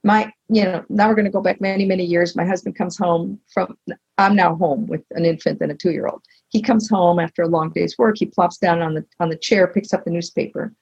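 A middle-aged woman being interviewed as a communication expert, explaining with animated stories and acting out bits of dialogue. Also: on the low side, fairly quick, gravelly, husky, dull audio. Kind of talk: conversational interview.

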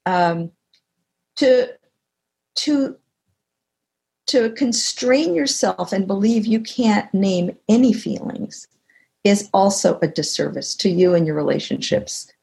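An older woman speaks with a gravelly, creaky edge at a middle pitch. She talks reflectively as an interview guest, telling stories from her working life. She turns lively when she quotes other people. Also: slow pace, long pauses. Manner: reflective, tells anecdotes, animated when quoting others. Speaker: guest author and teacher. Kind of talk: conversational interview. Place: video call.

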